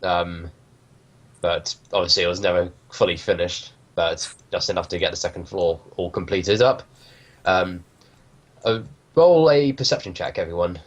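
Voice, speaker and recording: A young man running a tabletop game as game master, hesitant and filling pauses with ums while he describes scenes and rules. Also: low-pitched, dull audio.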